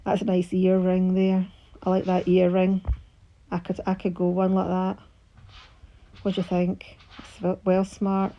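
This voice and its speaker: A woman's voice: lowish voice, monotone, measured pace, pauses often, lo-fi sound. A woman with a thick Scottish accent, chatting casually and rambling through a myth while she crafts, with many fillers and restarts. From Scotland. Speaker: crafting channel host.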